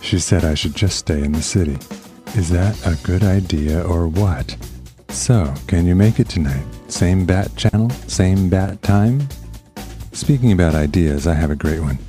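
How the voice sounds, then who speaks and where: A man reading a suggestive letter as an adult male lover, in a slow, teasing delivery. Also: low voice, animated, mellow, faint music behind.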